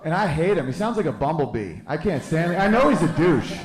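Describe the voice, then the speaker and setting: Onstage at a club, a man in his thirties performs a brash, profane stand-up set, loose in style and full of quick jokey asides. His voice sits on the high side and swings widely in pitch. The live recording is roomy, with the audience laughing.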